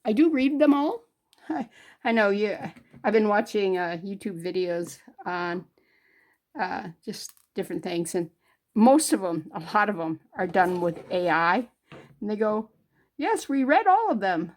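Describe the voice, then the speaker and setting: A middle-aged woman from northern New York talks her viewers through a crafting session. Her voice sits at an ordinary middle pitch, and her talk wanders along, full of fillers and little asides. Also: a little slow, a little mellow. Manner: rambling and homey, many fillers. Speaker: jewelry crafting channel host. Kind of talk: chatty crafting vlog.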